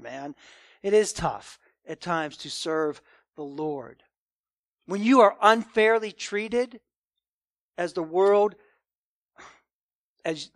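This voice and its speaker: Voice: medium pitch, no room sound. A preacher giving a Sunday morning sermon in an emphatic, conversational way.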